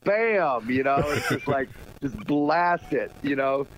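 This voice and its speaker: A man's voice: medium pitch, a little slow, a little hiss or hum. A middle-aged man guesting on a radio show, telling rambling stories with lots of laughs and "you know". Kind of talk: casual radio interview chat. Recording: dull lo-fi sound.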